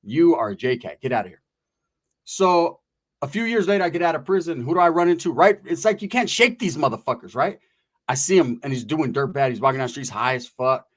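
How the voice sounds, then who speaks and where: A man from California telling a story in casual chat, with rapid, profane, animated street slang. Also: on the high side.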